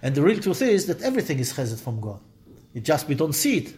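A man's voice: fairly high pitch, fast talker. A man teaching a weekly scripture class, talking in a conversational way, answering students and acting out quoted dialogue. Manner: animated, acts out quoted dialogue with rising emphasis. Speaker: Torah teacher.

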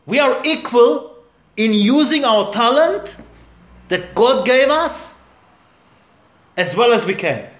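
A man's voice: very high voice, expressive, slow pace, pauses often, fairly bright tone, roomy sound. A man, a rabbi giving a Torah class to a small group, talking emphatically and asking rhetorical questions.

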